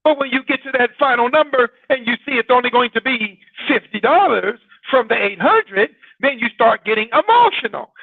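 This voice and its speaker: Male broadcast host, husky high voice, chatty with questions to listeners, dry phone-quality sound. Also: lively intonation, normal speed, few pauses, no echo. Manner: conversational, poses rhetorical questions to listeners. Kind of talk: informal broadcast talk.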